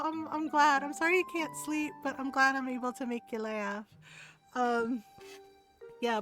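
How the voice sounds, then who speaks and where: A woman's voice: fairly high pitch, a bit bright. A woman streamer telling personal stories in casual chat, often tagging her sentences with "right?". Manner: chatty, often adds "right?". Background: background music.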